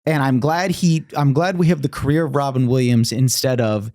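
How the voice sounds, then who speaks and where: A man hosting a podcast in a studio, relaxed and chatty with lots of agreeing fillers. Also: mid-range voice, normal speed, no room sound. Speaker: podcast host. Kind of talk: casual chat. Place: recording studio.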